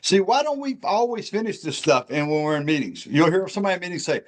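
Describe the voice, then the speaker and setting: A man's voice: high voice, big pitch swings, fast talker. A man co-hosting a recovery podcast, talking in an earnest, emphatic, preacherly way. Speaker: podcast co-host.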